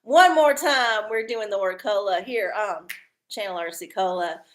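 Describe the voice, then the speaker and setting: A woman's voice: mid-range voice, unhurried. A woman hosting a casual live stream, chatty and folksy, swearing freely as she reads oracles. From Texas.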